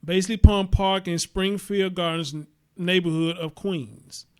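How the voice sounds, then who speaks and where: A man's voice: high voice, steady tone, unhurried, smooth. A man with a Southern American accent hosts a casual livestream, reading an article aloud and breaking off to talk to his chat. He speaks in a slightly raised register and swears bluntly and freely. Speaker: host.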